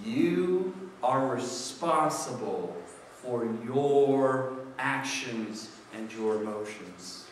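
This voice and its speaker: A man's voice: medium pitch, animated, drawn-out words, a little hiss or hum. A man preaching a sermon as pastor, conversational and jokey, acting out people's excuses. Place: church sanctuary. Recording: echoey church hall from far off.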